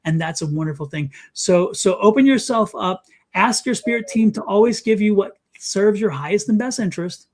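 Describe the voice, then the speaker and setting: A middle-aged man, a psychic guest, giving an emphatic, animated reading and advice on a talk show. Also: sits high, moderate pace. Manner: animated, emphatic, repeats commands.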